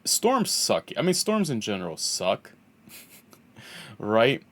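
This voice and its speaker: A man's voice: fairly low pitch, sing-song, slow pace. Laid-back rambling male streamer. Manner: rambling, laughs often. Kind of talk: casual chat while gaming.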